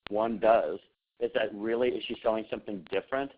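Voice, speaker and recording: A man's voice: fairly low pitch, fairly even intonation, a little fast. A man coaching on a group call, speaking earnestly and repeating key phrases. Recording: tinny phone-line audio with faint noise.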